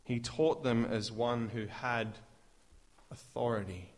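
Man preaching, emphatic, rhetorical questions, mid-pitched voice. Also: slow. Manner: emphatic, rising to loud declarations, with rhetorical questions. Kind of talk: sermon.

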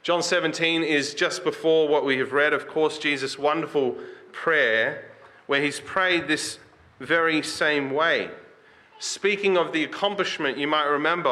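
With a pushed, bright voice on the high side, a man delivers a conversational sermon. He reads scripture aloud with rising emphasis and puts questions to his listeners.

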